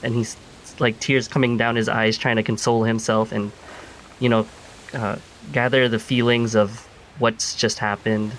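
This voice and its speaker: A man describing his character's actions in a tabletop game, halting with many fillers. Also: on the low side, little pitch movement, a little hiss or hum, low-quality recording. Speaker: player.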